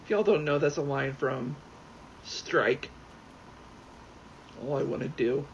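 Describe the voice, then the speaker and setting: A man rambling excitably as he plays a game, swearing freely and often going off on tangents. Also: mid-range voice, slow. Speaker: gaming YouTuber. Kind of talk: casual commentary while playing. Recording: dull lo-fi sound with faint background noise.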